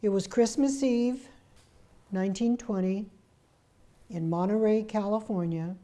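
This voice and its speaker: An older woman telling her family's story in a personal, animated way. Her voice is mellow and warm at a middle pitch. She acts out the people she quotes as she goes. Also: unhurried, faint music behind. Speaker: memoir author.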